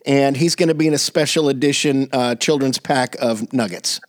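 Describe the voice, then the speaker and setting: A man co-hosting a comedy podcast, rambling through improvised deadpan bits with lots of fillers. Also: medium pitch, moderate pace.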